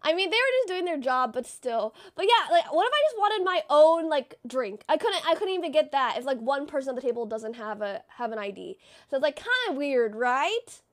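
Very high-voiced chatty woman. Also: very animated, brisk. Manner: chatty storytelling, acts out quotes; many fillers like "like". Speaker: livestreamer. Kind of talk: casual stream chat.

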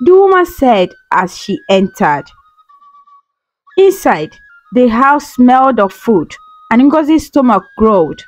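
A woman telling a folktale in steady, scripted storybook narration. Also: on the high side, unhurried, no room sound, poor audio. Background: faint background music.

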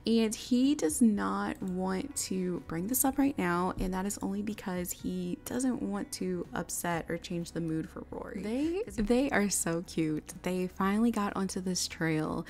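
A woman's voice: fairly low pitch, a little mellow. Giggly young woman narrating a game. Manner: chatty, giggly, bubbly. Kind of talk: casual narration of a life-sim game.

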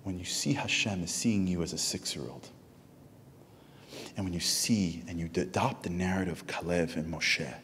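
A man with a very low voice delivers a sermon in a synagogue. His words ring with a long hall reverb, and a faint rumble sits underneath. He tells stories and builds to loud, animated peaks. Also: moderate pace. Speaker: speaker at a Tisha B'Av program. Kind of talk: inspirational sermon.

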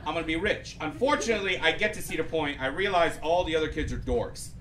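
A man telling a loose, rambling stand-up story on stage, breaking into loud punchlines. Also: on the high side, quick pace, a little hiss or hum. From Persian heritage. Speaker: stand-up comedian. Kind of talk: stand-up comedy set. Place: comedy club before a live audience. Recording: live club audience laughter.

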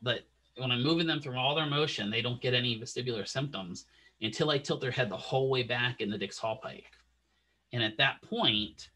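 A man's voice: mid-range voice, pushed and bright, husky, poor audio. A man teaching a recorded lecture alone into a computer microphone, talking casually and checking in with "right?". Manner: casual, conversational, frequent "right?" check-ins. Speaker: instructor.

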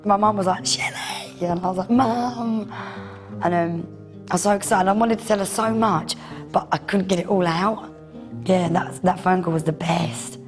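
A woman's voice: fairly low pitch, steady tone, moderate pace, faint music behind. A young mother on an expedition, talking in a gushing, emotional way in a documentary interview.

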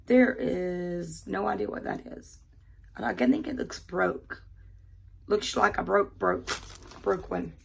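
An older woman from the American South with a Southern accent, chatting casually and talking fast while she unboxes jewelry in her quiet bedroom. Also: mid-range voice, vocal fry, slight background noise.

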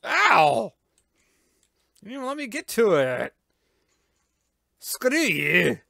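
A gaming YouTuber doing let's-play commentary, loud and excitable, with playful yelps, silly noises and sound effects. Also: medium pitch, unhurried, vocal fry, no echo, studio quality.

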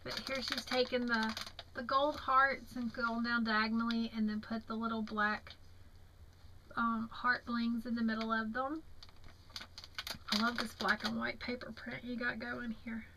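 A woman's voice: a little high, little pitch movement, noisy background. A young woman with a Southern American accent, tired, chatting admiringly as she shows off craft mail at home. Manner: chatty, admiring, slow and drawn-out. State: tired, yawning. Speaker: crafting vlogger. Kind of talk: casual show-and-tell of craft mail.

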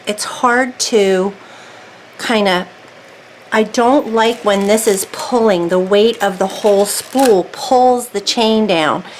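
A woman's voice: mid-range voice, a little hiss or hum, poor audio. Chatty woman talking through a craft. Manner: chatty, self-talking while working, thinks aloud. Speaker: craft video creator. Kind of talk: casual real-time craft tutorial.

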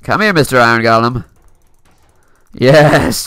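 Lively young man commenting on gameplay. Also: mid-range voice, normal speed, smooth, no room sound, studio quality. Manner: playful, laughs often, talks to opponents. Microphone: desk mic.

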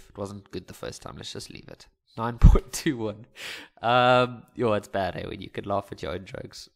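A young man teaching a casual maths lesson, chatty and joking, laughing at his own slips as he works through exam questions. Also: mid-range voice. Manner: chatty, jokes and laughs at himself. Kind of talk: casual maths lesson over worked examples.

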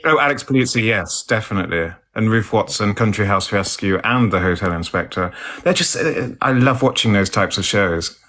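A man co-hosting a relaxed live stream, reading out comments in a posh, theatrical way. His voice sits a little low. He plays up old-fashioned words with self-mocking humour. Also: moderate pace.

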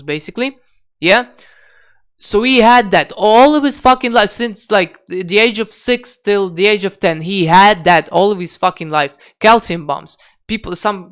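Profane, blunt man with a smooth voice. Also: high voice, fairly bright tone. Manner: profane, blunt, many restarts and fillers. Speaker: diet vlogger. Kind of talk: unscripted rant to camera.

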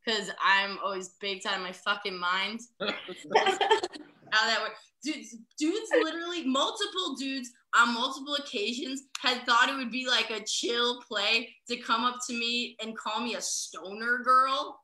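Young woman stand-up from the Midwest, brash and profane; bright, slightly high voice in a roomy space. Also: a little slow. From American Midwest. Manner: brash, profane, laughs through her jokes. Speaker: stand-up comic. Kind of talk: stand-up set over a video call. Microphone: video call. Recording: roomy echo.

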